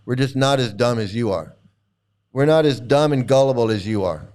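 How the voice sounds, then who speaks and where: A man's voice: mid-range voice, animated, moderate pace, a little mellow. A man hosting a stream, ranting crude and scornful reaction commentary with lots of repetition. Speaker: streamer host.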